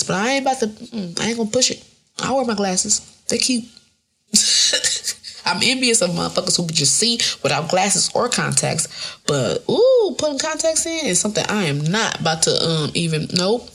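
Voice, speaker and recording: Gravelly, husky woman podcaster. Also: medium pitch, a bit bright. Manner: profane, rambling, laughing often. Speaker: podcast host. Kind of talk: casual solo podcast monologue.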